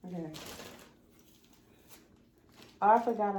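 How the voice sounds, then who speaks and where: A woman's voice: mid-range voice, moderate pace, creaky, a little mellow, a little hiss or hum. A young woman, talking straight to her viewers in a chatty, emotional home vlog. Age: young adult. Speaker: vlogger. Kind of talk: casual vlog unboxing.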